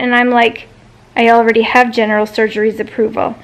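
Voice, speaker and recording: A woman's voice: on the high side, fairly even intonation, fairly quick, vocal fry. A woman in her thirties venting in a personal vlog, retelling a frustrating phone call with exasperation and swearing. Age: 30s. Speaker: vlogger.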